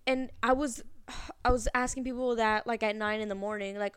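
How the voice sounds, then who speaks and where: A woman's voice: fairly high pitch, steady tone, moderate pace, clean tone, dry recording. A young woman co-hosting a casual podcast, chatty and laughing, acting out customers in quoted voices. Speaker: podcast co-host. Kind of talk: casual chat.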